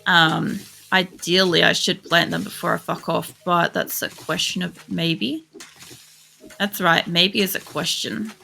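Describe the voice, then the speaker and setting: A woman's voice: lowish voice, flat delivery, measured pace, creaky, few pauses, pushed and bright, slight background noise. An Australian woman streaming a game, chatting in a rambling, casual way and swearing freely. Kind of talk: casual chat while playing. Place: home computer setup.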